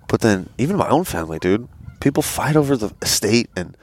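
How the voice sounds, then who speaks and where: A man's voice: mid-range voice, fast talker, no room sound. A young man co-hosting a podcast in casual chat, telling stories with lots of swearing and acted-out quotes. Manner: animated storyteller, swearing, acts out quotes. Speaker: podcast co-host. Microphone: headset.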